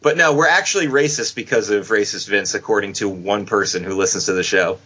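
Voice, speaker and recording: A man co-hosting a casual podcast, joking with a sarcastic edge. His voice is bright and a bit husky, and the audio is dull and lo-fi. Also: fairly low pitch, brisk. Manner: sarcastic, joking, laughs often. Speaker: podcast co-host. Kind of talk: casual wrestling podcast chat.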